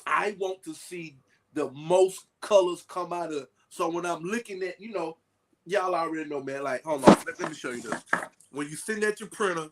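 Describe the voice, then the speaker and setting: A man talking casually to a group, telling lively stories with folksy asides. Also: on the high side, moderate pace, a little hiss or hum. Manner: animated storytelling with folksy asides.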